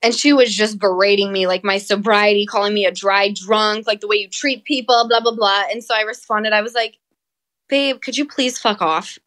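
A woman's voice: medium pitch, flat delivery, fairly quick, hardly any pauses, fairly bright tone. A woman co-hosting a podcast, chatting casually, filling her talk with "like" and swearing freely. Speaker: podcast co-host. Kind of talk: casual chat. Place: at home, apart from co-host.

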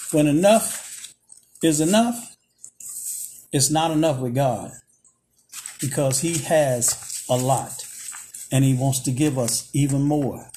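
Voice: mid-range voice, slow, long pauses, mellow, a little hiss or hum. A preacher delivering a sermon in emphatic, repetitive phrases, checking in with "Okay?". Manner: emphatic call-and-response phrasing, repeats "Okay?".

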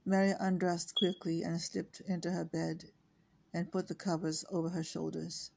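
An author reads their own book aloud in a steady, flat voice. The tone is gravelly, husky and dark, and the asides between parts are hesitant and full of fillers. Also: mid-range voice, moderate pace. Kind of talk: audiobook reading.

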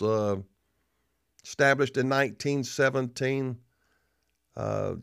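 A male pastor preaching a sermon emphatically, repeating phrases and pausing for dramatic effect. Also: medium pitch, clean tone, dry recording, clean studio sound.

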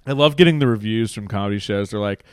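A man's voice: on the low side, fast, clean tone, dry recording, studio quality. A man comic hosting a podcast, telling stories in casual chat, swearing a lot and acting out what people said. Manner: profane, animated storytelling with acted-out quotes. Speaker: podcast host and stand-up comic.

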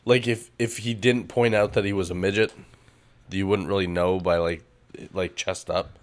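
A man's voice: low-pitched, fairly even intonation, moderate pace. A man co-hosting a podcast in casual chat, joking crudely and swearing a lot. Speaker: podcast co-host.

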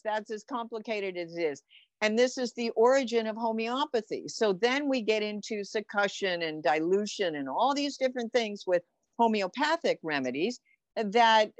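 A woman's voice: medium pitch, no echo. An enthusiastic woman talking casually about flower essences for animals, often trailing off and restarting her thoughts. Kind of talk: casual explanatory talk.

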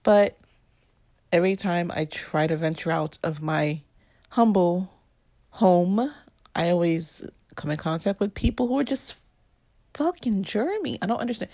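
A woman's voice: mid-range voice, dark tone, no echo, clean studio sound. A woman hosting her own podcast, rambling in a candid, sarcastic way and under the weather. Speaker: podcast host. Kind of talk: casual solo podcast monologue. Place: her home in uptown Manhattan.

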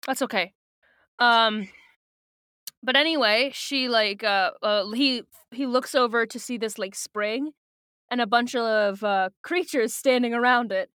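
A woman's voice: fairly high pitch, unhurried, a bit bright, clean tone, dry recording, clean studio sound. A woman co-hosting a podcast, chatting casually and giggly with lots of fillers. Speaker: podcast co-host. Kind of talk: casual chat recapping a book.

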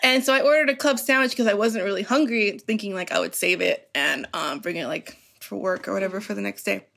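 A woman's voice: mid-range voice, brisk, creaky, fairly bright tone. A young woman telling a story in casual podcast chat, laughing often, swearing and filling her talk with "like". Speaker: podcast guest.

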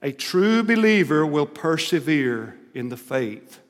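A man's voice: fairly high pitch, big pitch swings, slow. A man preaching a sermon, retelling scripture with dramatic, rising emphasis. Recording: long hall reverb.

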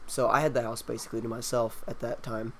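A young man in casual chat tells a story to his friends. He is animated and slips into the voices of the people he quotes. His pitch sits mid-range for a man. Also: quick pace. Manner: animated, acts out quoted lines.

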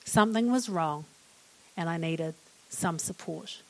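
A woman's voice: lowish voice, unhurried, a little mellow. A middle-aged woman with a New Zealand accent giving a humorous, chatty public talk on mental wellness to an audience. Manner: humorous and chatty, laughing at her own jokes.

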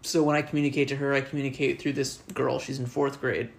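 A man's voice: mid-range voice, flat delivery, quick pace, vocal fry. A man, a teacher abroad, chatting casually and telling a story with lots of "like" fillers. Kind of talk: casual conversation.

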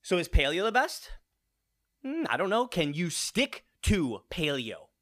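Animated man in his late thirties, sniffly. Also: high-pitched, a little slow. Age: 30s. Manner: animated, swears casually, asks viewers rhetorical questions. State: runny nose, sniffling. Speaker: fitness vlogger. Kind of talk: casual vlog talk.

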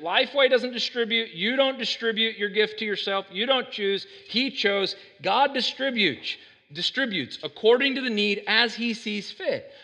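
A man preaching a conversational sermon, often checking in with "right?" and getting louder to stress his points. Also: very high voice. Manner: conversational, keeps asking the room "right?"; animated, jumps in loudness when stressing points. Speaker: pastor. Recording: long hall reverb.

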